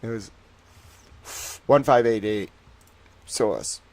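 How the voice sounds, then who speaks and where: A man's voice: medium pitch, darkish tone. Chatty male livestream host. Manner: chatty, rambling, jokey asides to chat; slow, deliberate reading of legal citations. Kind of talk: casual livestream commentary.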